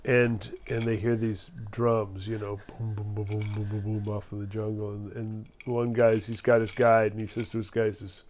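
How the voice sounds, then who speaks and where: A man casually telling a musician joke, with a halting, vivid storytelling manner. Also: on the low side, flat delivery, darkish tone, a little hiss or hum.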